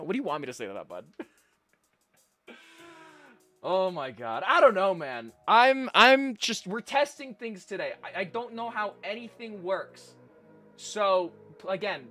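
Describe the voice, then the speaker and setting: Young male streamer, upbeat and chatty, cusses a lot; bright voice, faint music behind. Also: a little high. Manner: upbeat, chatty, swears freely. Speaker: livestreamer. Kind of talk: casual live-stream chat.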